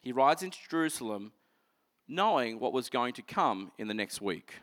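A man preaching a sermon, earnestly explaining scripture and moving between energetic passages and hushed ones. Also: medium pitch, moderate pace.

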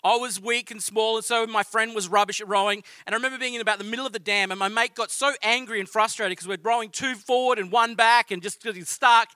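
A man's voice: sits high, fairly even intonation, fast, few pauses, sharp tone, no echo. A man with an Australian accent preaching a sermon in a conversational, storytelling way. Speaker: pastor.

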